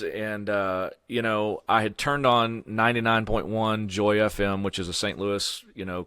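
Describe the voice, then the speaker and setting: A middle-aged man, a podcast guest telling his story in a casual, animated way, full of "you know" and "man". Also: lowish voice, clean tone, dry recording.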